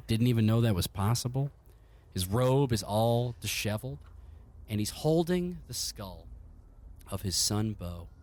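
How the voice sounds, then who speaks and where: A man's voice: on the low side, a little mellow. A man narrating as game master in a tabletop game, telling the story in a vivid, profane and jokey way.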